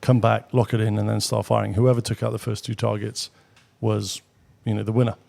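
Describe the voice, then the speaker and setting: A middle-aged British man, a guest on an interview show, telling anecdotes casually with quick asides and the odd swear. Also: lowish voice, little pitch movement, creaky, dark tone. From Britain. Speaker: guest, former military pilot. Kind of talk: casual storytelling.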